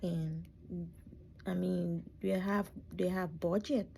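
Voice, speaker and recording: A middle-aged woman recounts her past from her own bedroom in a hushed, reflective voice. Her tone is deep and gravelly, mellow and dark, and it often sinks to a near whisper. She sounds close to tears. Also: steady tone, takes it slowly, a little hiss or hum. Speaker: vlogger telling her life story. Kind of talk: personal storytelling.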